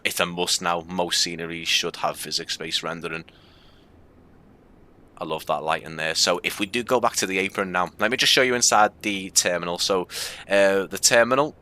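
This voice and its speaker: A Scouse man streaming a flight game, chatting casually and rambling with plenty of ums. His voice is low and fairly flat in tone, yet bright and crisp. It sounds like relaxed commentary to a live audience. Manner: casual and rambling, with many fillers.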